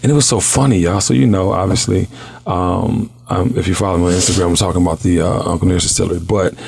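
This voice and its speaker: A man hosting a talk show, telling stories in a casual, slangy, animated way. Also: low-pitched, fast, gravelly, slightly rough. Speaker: show host. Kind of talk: casual chat.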